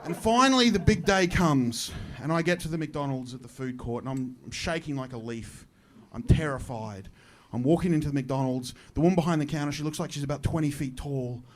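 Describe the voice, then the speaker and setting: A man with an Australian accent performs stand-up on a club stage into a handheld mic. He tells rambling, self-mocking stories, slipping into other people's voices. His voice sits notably high for a man. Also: fairly quick. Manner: self-deprecating storytelling, acting out voices. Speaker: stand-up comedian. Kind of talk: stand-up comedy set. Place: comedy club stage with live audience.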